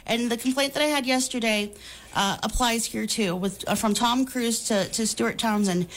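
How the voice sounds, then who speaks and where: A woman in her thirties co-hosting a podcast, talking in a loose, rambling, animated way with plenty of fillers and laughs. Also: fairly high pitch, moderate pace. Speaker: podcast co-host. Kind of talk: casual chat.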